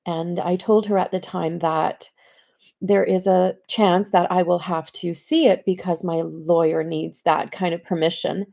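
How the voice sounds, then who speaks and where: Low, gravelly-voiced woman near tears. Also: steady tone, dark tone. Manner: halting, many fillers and pauses. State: tearful, close to crying. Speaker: mother addressing her daughters. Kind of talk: personal video diary.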